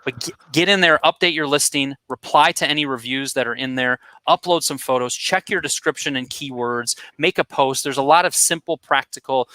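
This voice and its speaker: Man, bright edge to the voice, dry sound, energetic marketing coach. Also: medium pitch, no echo. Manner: energetic, direct, coaching tone with quick asides. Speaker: marketing guest expert. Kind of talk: conversational coaching advice.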